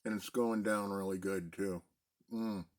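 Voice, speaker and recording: Laid-back, low-voiced man. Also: a little slow. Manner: relaxed, rambling, chatty. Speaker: pipe-smoking video host. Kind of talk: casual pipe-smoking chat. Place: basement den at home.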